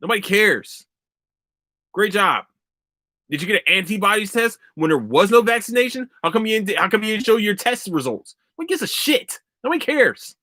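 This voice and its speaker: A man's voice: high-pitched, sing-song, fast, hardly any pauses, pushed and bright, no echo. A young man hosting his own podcast, ranting casually and profanely. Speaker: podcast host. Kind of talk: casual solo podcast rant.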